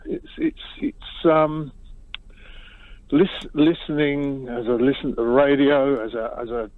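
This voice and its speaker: A man's voice: medium pitch, fairly even intonation, measured pace, no room sound. A man calling a radio phone-in, talking in a hesitant, rambling way. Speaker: caller. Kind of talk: phone-in call. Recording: phone line.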